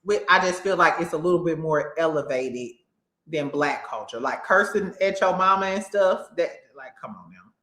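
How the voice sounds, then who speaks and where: A woman hosting a casual recap show, animated and laughing often as she acts out what people said. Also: low-pitched, moderate pace, echoey room. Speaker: host.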